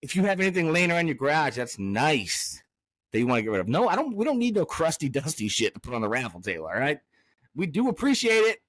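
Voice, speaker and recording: A man's voice: a little high, very animated, fast, fairly bright tone, dry recording. A man hosting a casual podcast, swearing constantly and swinging from angry rants to hyped cheer. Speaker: podcast host.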